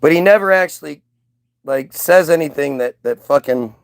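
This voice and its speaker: Sarcastic guy ranting, kinda high voice, dry close sound, swears a lot. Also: normal speed, gravelly, no room sound. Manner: sarcastic, profane, mocking voices. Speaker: commentator reacting to clips. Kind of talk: casual ranting commentary.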